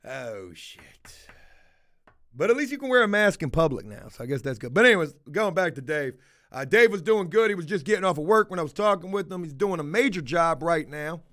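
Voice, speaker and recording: A man's voice: a little high, lively intonation, fairly quick, a bit bright. A man hosting a casual livestream, answering chat in a blunt, rambling, heavily profane way. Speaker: livestream host reading chat.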